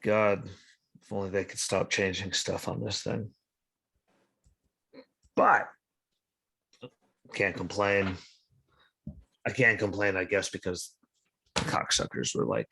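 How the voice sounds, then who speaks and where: A man's voice: low voice, lively intonation, slow pace, creaky, pauses often, a bit bright, husky. A sleep-deprived man hosting a podcast over a video call, talking in a blunt, sarcastic, profane and rambling way. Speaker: podcast host. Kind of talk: casual political chat.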